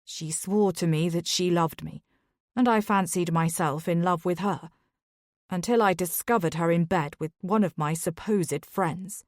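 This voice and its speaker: A woman's voice: fairly low pitch, measured pace, a little mellow, no echo, studio quality, lightly acted. A woman voicing a grave, remorseful aristocratic husband in Victorian society. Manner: grave, hoarse-edged apology.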